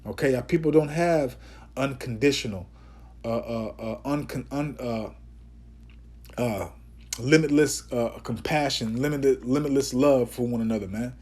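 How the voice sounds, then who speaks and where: A man teaching scripture informally, emphatic and preachy, often tagging his sentences with "man" and "okay?", and slowing down to declaim Bible verses. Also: medium pitch, warm tone. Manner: reads Bible verses aloud in a slower, declaiming voice.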